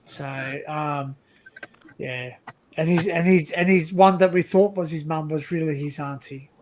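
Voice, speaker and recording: A man's voice: a little high, unhurried, a little mellow, a little hiss or hum, rough recording. Rambling man hosting a stream. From Australia. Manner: rambling storyteller, frequent restarts. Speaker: livestream host. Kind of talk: casual livestream chat.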